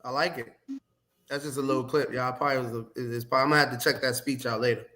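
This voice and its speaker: A man's voice: medium pitch, steady tone, quick pace, pushed and bright, poor audio. A man co-hosting a podcast, loose and dismissive in casual banter, often laughing things off. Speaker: podcast co-host.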